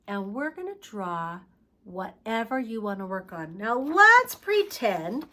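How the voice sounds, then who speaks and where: A woman teaching a preschool lesson, asking the children questions in a slow, sing-song way and singing short songs. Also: a little high, sing-song, bright, forceful tone.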